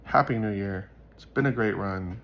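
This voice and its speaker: Low, gravelly man talking earnestly. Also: normal speed, highs cut off, background noise. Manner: earnest and rambling, many fillers. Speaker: faith vlogger. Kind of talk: casual monologue to viewers.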